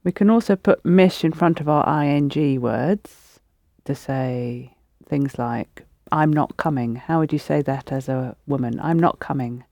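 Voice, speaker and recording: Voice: medium pitch, measured pace, dark tone, dry recording, clean studio sound. A teacher running a spoken Arabic lesson, patiently prompting students and explaining pronunciation.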